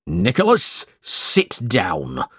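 A man's voice: low-pitched, wildly swooping pitch, drawn-out words, fairly bright tone, husky, dry recording, clean studio sound, full character voice. Man putting on a barking cruel schoolmaster. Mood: angry threatening. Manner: barking, menacing. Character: cruel bullying male schoolmaster, middle-aged.

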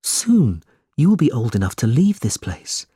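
A man voicing a kind young teacher in an audiobook, speaking gently and soothingly. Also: mid-range voice, big pitch swings, measured pace, breathy edge, no echo, studio quality, full character voice. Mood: gentle.

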